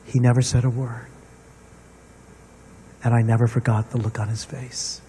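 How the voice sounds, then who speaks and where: A man's voice: mid-range voice, little pitch movement, moderate pace, dark tone, a little hiss or hum. A middle-aged man giving an earnest, personal talk to an audience, telling stories from his life. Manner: storytelling, personal and earnest, addressing the room. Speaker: symposium speaker. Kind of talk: reflective public talk to an audience. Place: large hall with long reverb. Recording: distant mic in a reverberant hall.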